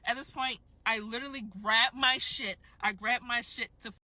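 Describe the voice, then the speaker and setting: A woman's voice: fairly high pitch, moderate pace, slight background noise. A young woman telling an angry story in casual chat, emphatic and swearing, acting out the people in it. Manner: animated, emphatic, swears, mimics others. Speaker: storyteller in a clip.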